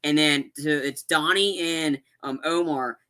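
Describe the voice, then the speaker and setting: This man co-hosts a podcast where he talks movies in a loose, rambling way, full of fillers and false starts. His voice is on the high side and sharp, and he keeps a measured pace.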